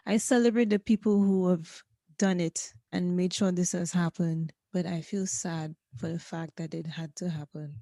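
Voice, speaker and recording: A woman guest on a casual podcast, speaking in a thoughtful, measured way. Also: fairly low pitch, steady tone, mellow, no room sound, studio quality.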